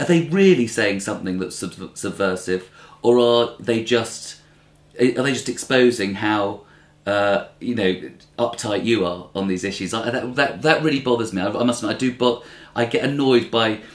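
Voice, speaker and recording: A man's voice: medium pitch, expressive, moderate pace. Man, 30s, interviewee, rambling, echoey room. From Britain. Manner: rambling, self-interrupting, acts out quoted voices. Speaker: comedian being interviewed. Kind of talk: conversational interview. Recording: roomy interview recording.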